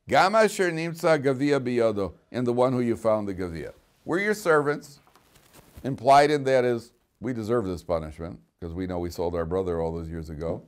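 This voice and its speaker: A man teaching a class as a rabbi, reading Hebrew verses, translating them and adding joking asides. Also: on the low side. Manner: animated, joking asides, reads Hebrew text then translates. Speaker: rabbi teaching weekly Torah portion. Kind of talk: classroom lecture with humor. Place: study hall classroom.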